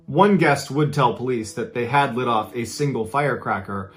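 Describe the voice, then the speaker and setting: A man's voice: mid-range voice, normal speed, hardly any pauses. Man narrating true stories in a casual voice. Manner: conversational, chatty asides. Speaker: storyteller host.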